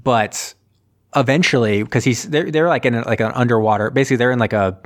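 A man's voice: medium pitch, fast. A man in casual conversation, recapping a film in a loose, rambling way with lots of fillers and self-corrections. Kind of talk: casual chat.

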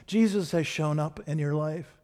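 A middle-aged man preaching a sermon, building to fervent repeated refrains and then dropping soft and low. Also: moderate pace. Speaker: pastor.

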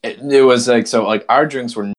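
A young man on a podcast telling a rowdy story casually, acting out the quotes with big jumps in his voice. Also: moderate pace. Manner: animated, acts out quotes with big pitch jumps. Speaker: podcast host.

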